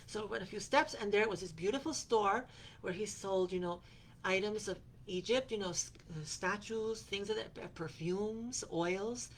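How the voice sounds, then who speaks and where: A woman hosting a show recounts a personal trip in a loose, meandering way. She fills her sentences with little fillers and restarts, and she slips into quoting the people she met along the way. Her voice sits at a middle pitch. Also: normal speed, slight background noise. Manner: rambling, with frequent fillers and restarts; quotes other people in her retelling. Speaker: podcast host. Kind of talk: personal travel storytelling.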